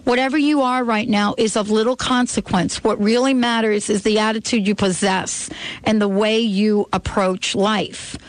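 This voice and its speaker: A woman's voice: mid-range voice, fairly even intonation, moderate pace, no echo, poor audio. A woman hosting a radio call-in show, giving an intuitive card reading in an earnest, insistent way and repeating her key phrases.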